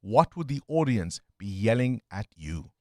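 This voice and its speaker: A male radio host, chatting in a relaxed, playful way on breakfast talk radio. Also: fairly low pitch, unhurried, no room sound, clean studio sound.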